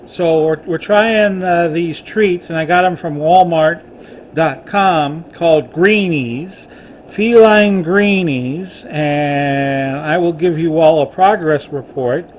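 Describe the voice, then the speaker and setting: Older male vlogger, folksy and halting, a bit high-pitched, dull recording. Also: slight background noise. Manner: rambling and folksy, addresses viewers as folks; halting, with frequent restarts. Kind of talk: casual chat to camera.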